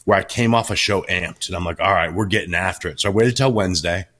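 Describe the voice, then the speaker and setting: Deep voiced coach dude, blunt and relaxed, cusses casually. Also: male voice, quick pace. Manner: laid-back, blunt, swears casually. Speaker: coach and podcast co-host. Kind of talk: casual podcast chat.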